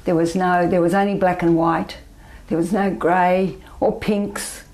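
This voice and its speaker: An older Australian woman telling her personal story as an interview guest, soft-spoken and often trailing off into near-whispers. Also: fairly low pitch, little pitch movement, measured pace, low-quality recording. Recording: faint background noise.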